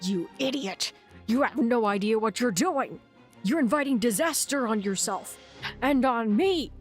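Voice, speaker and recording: A woman voicing a stern male gang boss, sharp and scolding. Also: medium pitch, lively intonation, a little slow, soft background music, lightly acted. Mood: angry.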